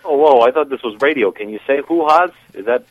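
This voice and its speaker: A man, calling in to a radio show and arguing with the hosts, hesitant at first and quickly indignant. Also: mid-range voice, no echo, phone-quality sound. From New York. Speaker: caller. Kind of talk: casual radio banter.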